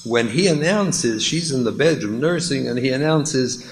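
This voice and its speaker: A man, a rabbi, telling a lively story in a lecture and acting out the dialogue. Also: medium pitch, moderate pace, few pauses, slight background noise, rough recording.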